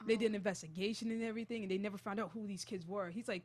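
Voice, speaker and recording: A young woman hosting a college radio show, retelling a creepy story in a casual, animated and jittery way. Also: mid-range voice, racing.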